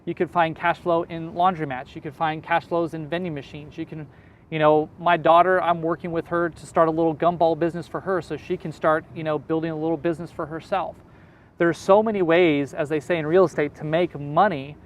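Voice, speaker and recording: A man's voice: fairly high pitch, little pitch movement, fairly quick, muffled recording, a little hiss or hum. A man being interviewed as a real estate investor, explaining in an easygoing way with everyday examples. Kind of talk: casual interview answers.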